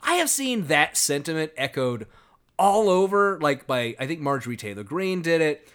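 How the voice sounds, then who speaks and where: A podcast host, a man with a bright, forceful voice that leaps up and down as he mocks what he hears. He talks casually, sarcastic and sometimes profane. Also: on the high side, very animated, normal speed, clear, resonant tone. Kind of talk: casual political commentary chat.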